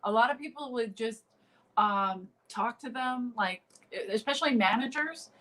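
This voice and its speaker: A woman's voice: on the high side, moderate pace, a bit bright, low-quality recording. Woman, comedian guest, casual storytelling, lots of fillers, remote call. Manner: rambling, full of fillers and restarts.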